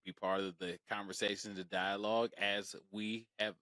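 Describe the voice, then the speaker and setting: Low-voiced laid-back man, dry sound. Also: little pitch movement, moderate pace, bright, forceful tone, dry recording. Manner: laid-back, agreeing, laughing along. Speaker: podcast co-host. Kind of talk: casual chat. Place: podcast studio.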